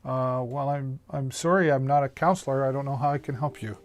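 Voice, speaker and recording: A man hosting a casual live-stream where he pitches deals, talking in a chatty, folksy way with plenty of fillers and restarts. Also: steady tone, fairly quick. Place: home streaming setup. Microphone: studio microphone on a mixer.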